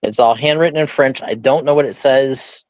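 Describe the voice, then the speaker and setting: A man's voice: medium pitch, moderate pace, no echo, low-quality recording. Chatty man hosting a live auction. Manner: chatty, thinking aloud, joking. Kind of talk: casual live-stream selling.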